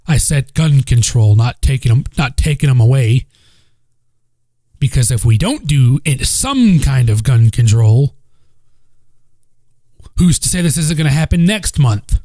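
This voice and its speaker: Speaking into a home mic with no echo, a Southern-accented podcast host rambles through a casual solo episode, blunt, profane, and repeating himself. His warm, medium-pitched voice has lively intonation, is a little slow, and pauses often.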